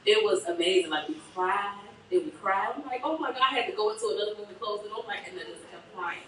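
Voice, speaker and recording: A woman's voice: medium pitch, animated, quick pace, fairly bright tone, a little hiss or hum. A woman from the West Side of Chicago giving an emotional, laughing thank-you speech at a book reception. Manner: emotional and laughing, quotes herself often. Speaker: guest speaker. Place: event hall at a book reception. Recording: echoey hall, mic from a distance, faint ambience.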